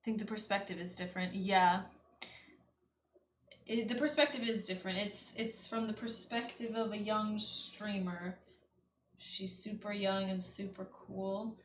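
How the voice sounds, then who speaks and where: A young woman streams while painting, chatting loosely and peppering her speech with "like" and "you know." Her mid-range voice stays fairly even and a bit slow, with slight background noise and faint ambience in an echoey room.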